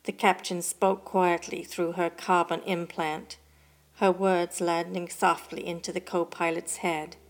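Slow, steady woman story narrator. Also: on the low side. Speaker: podcast narrator and host. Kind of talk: scripted narration.

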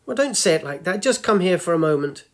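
A man's voice: sits high, animated, fast, voice pushed up. A man voicing a grumpy, wry old woman of ninety-two in a storybook reading, tart and teasing. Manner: tart, teasing, lecturing the young.

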